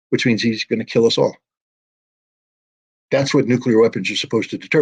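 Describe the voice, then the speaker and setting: A man's voice: mid-range voice, steady tone, brisk, gravelly, long pauses, breathy edge. A man, a guest giving blunt, emphatic political commentary over a video call. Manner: forceful, blunt and emphatic, with repeated warnings.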